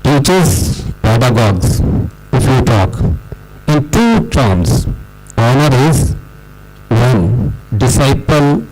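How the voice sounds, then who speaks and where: A middle-aged man with an Indian accent giving a formal closing speech at a school debate event, lecturing with emphatic pauses and stresses. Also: medium pitch, very animated, a little mellow, faint music behind, poor audio. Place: school hall.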